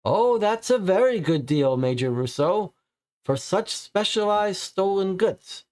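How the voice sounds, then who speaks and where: A man putting on a high, pleading male suspect. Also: animated, unhurried, darkish tone. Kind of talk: read-aloud case file role-play.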